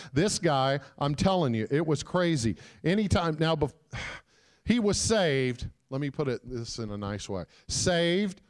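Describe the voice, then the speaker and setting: A man giving a sermon as a guest preacher, telling a story and calling out to the congregation, moving between loud shouts and hushed quiet. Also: on the high side. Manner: calls out to the congregation.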